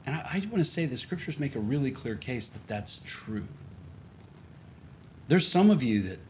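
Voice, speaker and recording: Male pastor, mid-range voice, very animated pitch, chatty storytelling sermon with frequent restarts and chuckles. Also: moderate pace, a little hiss or hum. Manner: conversational, restarts sentences, chuckles often.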